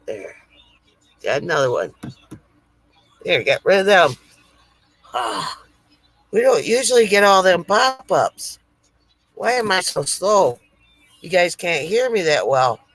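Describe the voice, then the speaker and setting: A woman's voice: on the low side, big pitch swings, unhurried, pauses often, dry recording, poor audio. A woman hosting a casual live stream, chatting with viewers, reading their comments aloud and laughing at her own jokes. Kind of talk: casual live stream chat and joke telling. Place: home setup near a lake.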